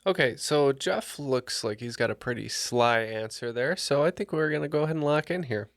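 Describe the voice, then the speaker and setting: A man banters playfully during a podcast trivia game, his pitch bouncing around. The sound is close and dry. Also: animated, moderate pace, dry recording. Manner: playful, punning. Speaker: regular contestant. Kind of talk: casual chat.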